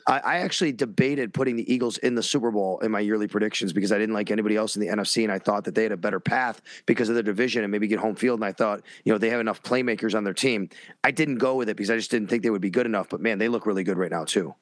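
Fast-talking man hosting a sports podcast. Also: fairly low pitch, no echo. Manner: rapid, self-interrupting, restarts sentences. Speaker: podcast host. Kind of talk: casual sports chat.

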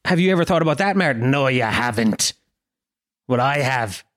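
A man in his thirties with a Dublin Irish accent, ranting and swearing on his own solo podcast, mock-indignant and animated. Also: mid-range voice, moderate pace. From Ireland. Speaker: podcast host. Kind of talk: casual solo podcast rant.

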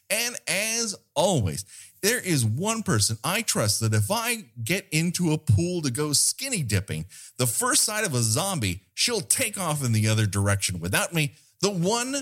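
A man's voice: mid-range voice, fairly bright tone. Playful showman podcast host, man. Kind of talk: casual podcast chat. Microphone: microphone on a boom arm.

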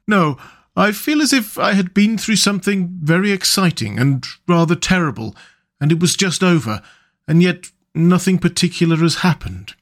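A man's voice: high voice, animated, normal speed, voice pushed up. A man voicing a humble, tired male mole from a storybook, sounding weary and wondering.

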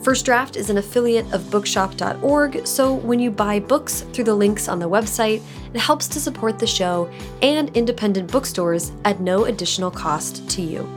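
A woman's voice: medium pitch, normal speed, over music. A woman hosting a podcast, reading the intro and chatting eagerly with her guest. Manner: enthusiastic, chatty. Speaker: podcast host.

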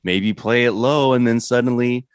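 A man's voice: mid-range voice, moderate pace, smooth, dry recording, studio quality. A man co-hosting a podcast in casual chat, laid-back and thinking aloud with wry asides. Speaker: podcast co-host.

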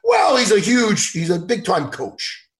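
An excitable man hosting a podcast, chatting casually with a co-host. His voice sits high, and his pitch leaps around as he gets worked up and acts out other people's lines. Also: a little slow. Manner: animated, excitable, laughs a lot, acts out impressions loudly. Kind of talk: casual chat.

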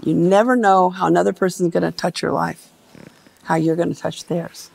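Older american woman, gravelly and husky, lively motivational storyteller. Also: lowish voice, moderate pace. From United States. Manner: animated storytelling, acting out voices of family. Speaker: former tennis champion telling her story.

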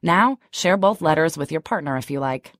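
A woman in her thirties co-hosts, her voice sitting a little low. She shifts between tidy read-out summaries and loose, chatty talk peppered with "like". The sound is close and dry. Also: lively intonation, moderate pace, a bit bright, no echo. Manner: chatty, frequent "like" fillers when unscripted. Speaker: co-host. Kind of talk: scripted summary and casual chat.

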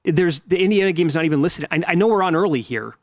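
A man's voice: on the high side, expressive, fast talker, dry recording. A man co-hosting a sports betting show from a casino studio, chatty and jokey, thinking aloud as he talks. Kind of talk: casual sports talk.

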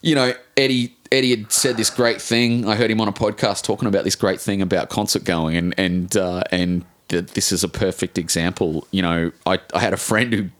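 An Australian man in his forties, an author telling a rambling, animated story in a casual interview, swearing casually and restarting his sentences often. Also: low-pitched, brisk, few pauses. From Brisbane, Australia. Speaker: author guest.

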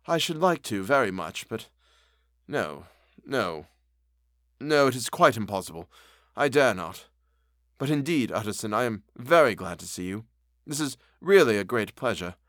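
A man's voice: medium pitch, very animated, normal speed, long pauses, fairly bright tone, dry recording, studio quality. A man voicing a gloomy, despairing male doctor who speaks drearily and with weary sighs. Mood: dreary.

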